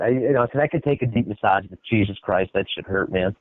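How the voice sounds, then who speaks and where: A man's voice: lowish voice, steady tone, fast, few pauses, no room sound. A man hosting a podcast in casual chat, swearing often and acting out quotes in a raised voice. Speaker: podcast host. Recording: dry, tinny phone-like sound.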